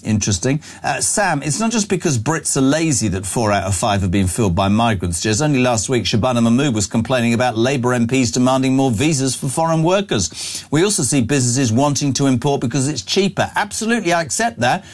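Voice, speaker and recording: A man's voice: mid-range voice, animated, brisk. A middle-aged man hosting a breakfast radio show, chatty and opinionated as he reads out listener texts. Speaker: radio host. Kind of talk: breakfast radio talk and text reading.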